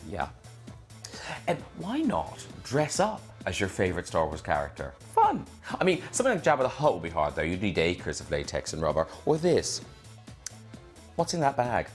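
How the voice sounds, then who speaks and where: A man's voice: deep voice, huge pitch swings, normal speed, faint music behind. Talk show host guy, wry jokey delivery, voice bouncing up and down, video call. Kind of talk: joking monologue and interview.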